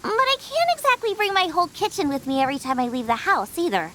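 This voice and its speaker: A woman voicing a cheerful young female chef in a video game, bubbly and excitable about food. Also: very high voice, fast, background noise. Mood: explaining. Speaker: game character. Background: game music.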